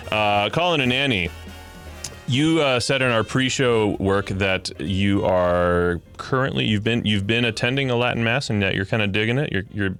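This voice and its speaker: A man's voice: lowish voice, a bit bright. A man hosting a podcast interview, joking and rambling with many fillers. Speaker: podcast host. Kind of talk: casual interview chat.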